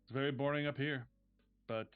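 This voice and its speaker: A man's voice: mid-range voice, fairly even intonation, fairly quick, smooth, lightly acted. A man voicing a middle-aged French hotel owner with a heavy French accent, dripping with derision. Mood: derisive. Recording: tinny phone-like stream audio.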